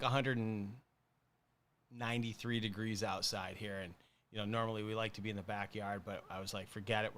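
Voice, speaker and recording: Man, forties, livestream host, rambling, jokey, filler-heavy, mid pitch. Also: a bit bright, slight background noise. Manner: rambling and joking, many fillers. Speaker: podcast host. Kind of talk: casual livestream chat.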